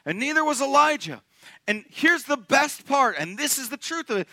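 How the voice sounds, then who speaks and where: Young man, pastor, lively joking sermon, very high voice, dry close sound. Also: moderate pace, no echo. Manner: animated, joking, asks the congregation questions. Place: church sanctuary.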